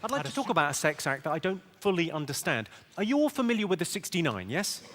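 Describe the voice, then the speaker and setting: Deadpan male comic, slightly high-pitched; live theatre set, heavy audience noise. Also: in a large hall. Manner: deadpan one-liner delivery with quick asides. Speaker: stand-up comedian. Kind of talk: stand-up comedy routine. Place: large theatre stage with audience. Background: loud audience laughter.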